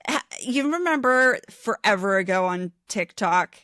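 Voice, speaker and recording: A woman's voice: mid-range voice, expressive, unhurried, a bit bright, dry recording, studio quality. A woman co-hosting a casual book discussion podcast, earnest and analytical, laughing easily. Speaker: podcast co-host.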